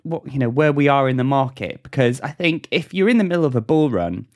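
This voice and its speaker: A man's voice: medium pitch, expressive, a little fast, darkish tone. A man co-hosting a casual news podcast, reading stories and often breaking into giggles. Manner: keeps breaking into laughter. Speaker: podcast co-host.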